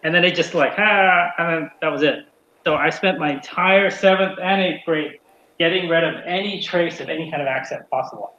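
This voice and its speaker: A man in his forties, originally from England, chatting casually and poking fun at himself. His voice sits a touch high for a man. The sound is roomy, with faint noise underneath. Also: a little fast, sharp tone, dull audio. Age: 40s. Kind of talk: casual group chat.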